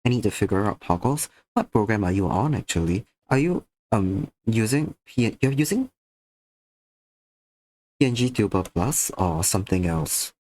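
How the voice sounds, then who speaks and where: A man's voice: on the low side, animated, moderate pace, darkish tone. A tired man chatting to viewers during an art stream, a little sick, drowsy and slurring slightly. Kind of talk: casual stream chat while drawing.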